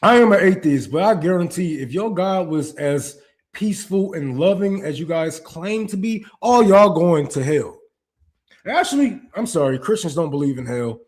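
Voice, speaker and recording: A high-pitched young man rants in a heated, profane monologue. He jumps from near-shouted outbursts down to low, muttered asides. He stumbles and restarts his sentences as he works himself up. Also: animated, moderate pace. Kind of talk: ranting monologue.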